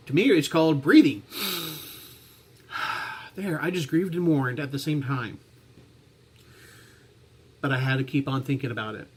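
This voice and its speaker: A man talking to his camera in a reflective personal vlog, halting and heartfelt, with many restarts and fillers. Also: a little high, husky. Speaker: vlogger.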